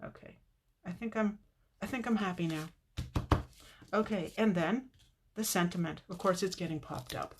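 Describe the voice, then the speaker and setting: A woman's voice: on the low side, normal speed, long pauses. A woman hosting a casual live card-making tutorial, chatting to viewers by name and laughing often.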